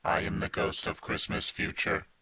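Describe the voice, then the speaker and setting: A man voicing a cold robot ghost of the future in an audiobook, with a flat, metallic, computer-like delivery. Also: slight background noise, close to an everyday voice. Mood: cold, droning. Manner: slow, clipped and unfeeling. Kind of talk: audiobook character voice.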